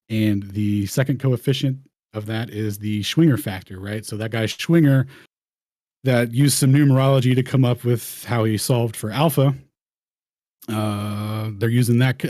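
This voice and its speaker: A man hosts a round table, talking loosely over his slides and often restarting phrases. His voice is mellow and relaxed, and the recording is dry and close. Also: on the low side, dry recording. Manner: rambling, slangy, restarts mid-phrase. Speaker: host. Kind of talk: casual presenting over slides.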